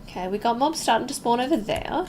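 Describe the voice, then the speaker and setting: Young woman streamer, Melbourne accent, bright lively voice, casual game chat, faint typing behind. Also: a little high, quick pace, noisy background. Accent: Australian, Melbourne. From Melbourne, Australia. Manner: chatty and expressive, self-deprecating, reacts aloud to the game. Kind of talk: casual gameplay commentary, chatting with viewers.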